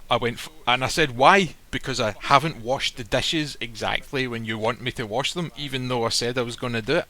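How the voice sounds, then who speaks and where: A man tells a personal story in a casual, unfiltered way, swearing freely and acting out what others said. His voice is bright and forceful, sitting at a middle pitch. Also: brisk. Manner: blunt, swears freely, acts out quoted lines. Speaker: guest telling a personal story. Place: live stream recording.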